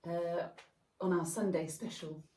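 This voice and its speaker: A woman co-hosting a podcast who reflects calmly and asks open questions in a casual interview. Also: on the low side, measured pace. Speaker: podcast co-host. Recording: echoey room, far from mic.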